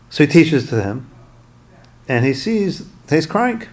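Gravelly man telling a story lesson. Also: medium pitch, sing-song, moderate pace, darkish tone. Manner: retells the tale with musing asides. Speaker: teacher.

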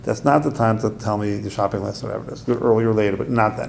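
Gravelly man teaching a Torah class. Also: fairly even intonation, racing, a little mellow, slight background noise. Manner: storytelling, acts out quotes with sudden high outbursts. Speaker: rabbi giving a class.

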